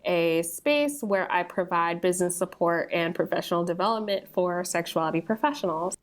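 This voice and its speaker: A woman guest on a podcast, talking in a relaxed, casual way with frequent laughs. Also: on the low side, normal speed. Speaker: guest, sex ed business coach. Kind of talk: casual interview chat.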